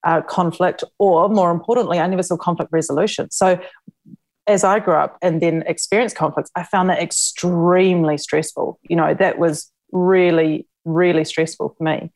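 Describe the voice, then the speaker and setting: A woman's voice: on the low side, steady tone, normal speed, a little mellow. A woman guest on a podcast, candidly telling family stories in casual chat and laughing as she goes. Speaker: guest author.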